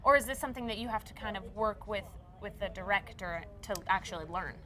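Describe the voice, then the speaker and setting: Bright-voiced female TV host. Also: mid-range voice, fast talker. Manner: upbeat, frequent 'okay' acknowledgments. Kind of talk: TV interview.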